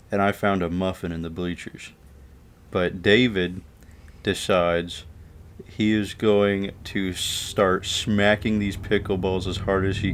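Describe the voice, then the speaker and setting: A man casually telling a funny story from his school days, loose and profane, laughing along. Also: deep voice. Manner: loose and profane, chuckling through the tale.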